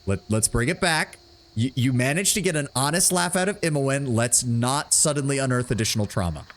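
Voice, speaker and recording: A man's voice: medium pitch, expressive, brisk, fairly bright tone. A man commentating on a game live, casual, laughing often and swearing freely. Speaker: streamer playing a game.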